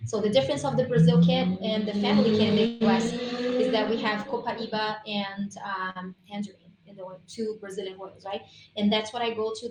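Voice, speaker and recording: A woman with a darkish, mid-range voice is a guest presenter chatting enthusiastically about essential oils on a live stream over a video call. Slight background noise, roomy echo, and faint room ambience are audible.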